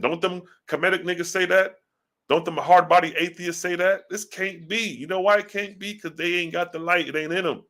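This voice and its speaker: A man, reading scripture verses slowly and then commenting on them in fast, blunt street slang, as a teacher. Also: sits high, steady tone, sharp tone.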